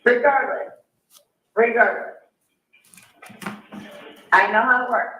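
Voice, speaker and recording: A woman's voice: on the high side, fairly even intonation, slow, slight background noise. A woman calling an emergency line, agitated, distracted and apologetic as she keeps breaking off mid-sentence. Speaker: 911 caller. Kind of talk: emergency phone call. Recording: muffled, distant, roomy call recording.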